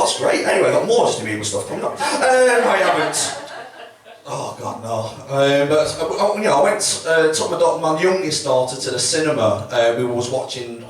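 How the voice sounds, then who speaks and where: Guy doing stand-up, swears a lot, mocks himself, slightly high voice, big echoey room, heard from off. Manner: chatty, swearing, self-mocking, acts out quotes. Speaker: stand-up comedian. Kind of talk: stand-up comedy set. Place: comedy club stage. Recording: echoey room, mic from a distance, faint noise.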